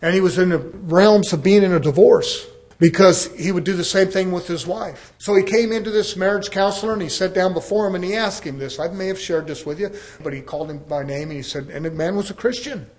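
A man preaching with earnest conviction in a voice that sits a little high for a man. He talks to his congregation as brethren and slips into a relaxed storytelling delivery, acting out the dialogue in his examples. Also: fairly quick. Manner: conversational storytelling with acted-out dialogue. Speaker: pastor. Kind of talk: sermon.

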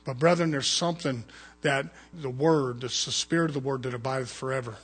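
A man preaching a fervent sermon as pastor, swinging between loud urgent calls and hushed low asides. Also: fairly even intonation, fairly quick, slightly rough.

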